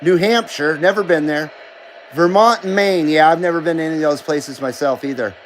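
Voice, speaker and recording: A man's voice: a little high, a little fast, a little hiss or hum, rough recording. A middle-aged man hosting a casual live stream, reading viewer comments aloud and bantering back, swearing freely. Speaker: livestream host.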